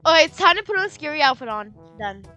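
Upbeat high-voiced woman co-host. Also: sing-song, fast talker, bright, forceful tone, faint music behind. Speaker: gaming channel co-host. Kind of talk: casual let's-play commentary.

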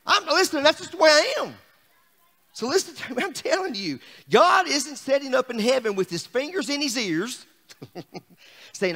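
A man's voice: very high voice, huge pitch swings, normal speed, a bit bright, in a large hall. A man preaching an exuberant, joking sermon to his congregation in a church. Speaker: pastor. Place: church sanctuary.

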